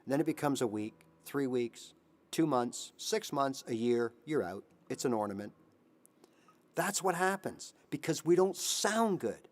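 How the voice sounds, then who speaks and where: A man in his fifties who hosts a guitar channel, giving animated motivational advice on a live stream and now and then singing a line. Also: mid-range voice, unhurried. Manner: animated, sings snippets, voices his inner brain. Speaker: guitar teacher, channel host.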